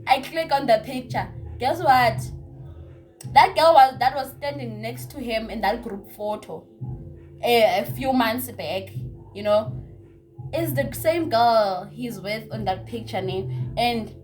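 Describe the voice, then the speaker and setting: Young woman vlogger, a bit high-pitched, chatty storyteller who repeats herself and drops to hushed asides. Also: slow pace, faint music behind. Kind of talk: casual story time.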